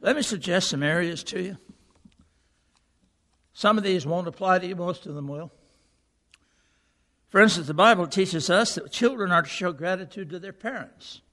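A male pastor giving a sermon, moving from a lively recited poem into earnest preaching in a church auditorium. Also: high voice, moderate pace, long pauses. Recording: long reverb of a large hall.

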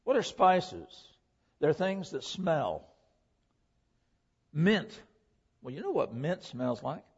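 A man's voice: on the high side, big pitch swings, slow, a little mellow, breathy edge. A man preaching a sermon in a church, asking earnest rhetorical questions and shifting his emphasis often. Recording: lo-fi dull sound.

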